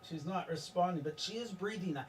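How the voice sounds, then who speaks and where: A man voicing a lecherous male doctor who gives brisk bedside reassurances, heard from a distant mic. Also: sits high, lightly acted. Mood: clinical.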